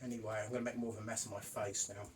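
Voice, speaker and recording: A man's voice: lowish voice, level tone, rapid-fire, far from the mic. A middle-aged man hosting a casual podcast, sighing and swearing in exasperation, sounding hot and sweaty. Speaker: podcast host. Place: hot room indoors. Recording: voice a bit off-mic with faint noise.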